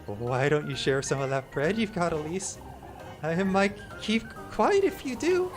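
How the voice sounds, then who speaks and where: A man voicing a nosy, whiny village girl in a high squeaky voice while reading game dialogue aloud. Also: very animated, measured pace, over music. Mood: sly. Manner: pleading then sly.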